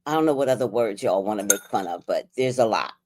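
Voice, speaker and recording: A woman with a New York accent hosts a live stream, offering casual commentary in a chatty, blunt way, swearing freely and laughing often. Her bass voice is animated and quick with a darkish tone, over slight background noise.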